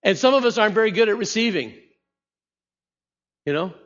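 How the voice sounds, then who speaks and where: Pastor preaching in a reverberant hall. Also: male voice, high-pitched, expressive, fairly quick, a bit bright. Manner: conversational preaching with rhetorical questions. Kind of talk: sermon. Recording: muffled sound in a reverberant hall.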